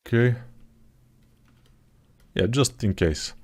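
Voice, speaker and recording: During a live sculpting tutorial, the 3D art tutor uses a slow, mid-range voice to reason through his work out loud. He keeps it laid-back and self-deprecating, with typing going on behind him.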